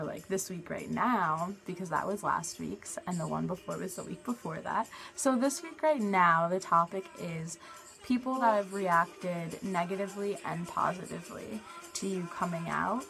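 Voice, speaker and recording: A young woman vlogging in a casual, chatty way, blunt and quick to swear. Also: lowish voice, gravelly, sharp tone, poor audio. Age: young adult. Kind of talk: casual vlog talk to camera.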